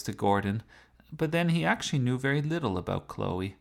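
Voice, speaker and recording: A man narrating a story aloud in a playful, lively storytelling manner. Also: mid-range voice, a little fast, gravelly.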